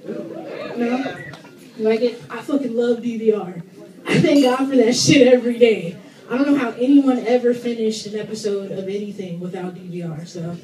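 A woman with a high voice works a comedy club crowd in a loose, profane, conversational way, often laughing mid-line. She sounds distant from the mic, with the room ringing around her. A lively audience laughs underneath. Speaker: stand-up comedian. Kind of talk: stand-up comedy set. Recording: roomy club recording from far off with crowd.

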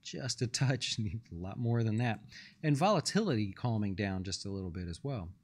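A man's voice: on the low side, expressive, fairly quick, a little mellow. A man hosting a live stock market show as a fund manager, reading viewer questions and talking loosely with many fillers and restarts.

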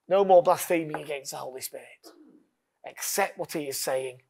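Earnest pastor preaching. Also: male voice, a little high, moderate pace, vocal fry. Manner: earnest, leads call-and-response, drops to a hush. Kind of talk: sermon.

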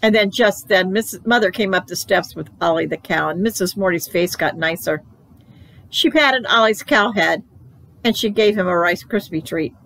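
A woman reading a children's book aloud for a library, expressive and playful. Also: medium pitch, moderate pace, poor audio. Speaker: library storyteller.

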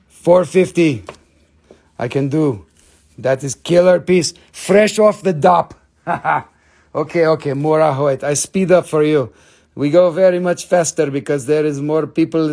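A man's voice: a little high, gravelly, darkish tone. A man voicing a jokey, haggling gem dealer who speaks in broken English with teasing sales patter.

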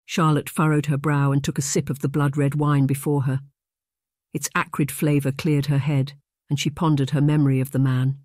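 Audiobook narrator, scripted narration, measured, even, mid pitch, dry, close studio mic. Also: no echo.

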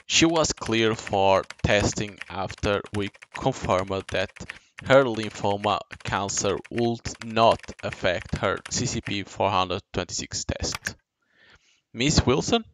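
A young man giving casual live commentary on a game, reading its text aloud slowly and blurting quick reactions. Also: lowish voice, a little hiss or hum, poor audio. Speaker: gaming channel host. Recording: game music playing behind. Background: game soundtrack.

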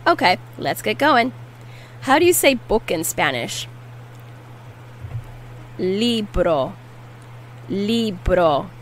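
A woman teaching a language lesson, repeating each word slowly and carefully. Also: mid-range voice, very animated, slight background noise, poor audio. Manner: slow, careful repetition of words. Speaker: Spanish teacher.

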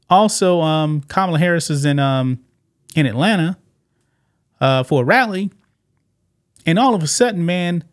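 A man hosting political commentary over clips, emphatic and repetitive, who keeps tossing in "man". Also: a little high. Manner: emphatic, repeats points and keeps saying "man". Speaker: commentary channel host.

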